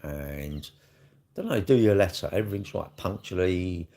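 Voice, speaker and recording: Gravelly low-voiced South East London man. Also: lively intonation, moderate pace, dark tone. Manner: blunt, sweary, rambling. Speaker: live streamer. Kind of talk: casual live-stream chat.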